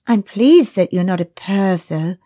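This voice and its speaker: A woman's voice: medium pitch, expressive, a little slow, dark tone. A woman narrator voicing the heroine's own dialogue, a direct, teasing young woman.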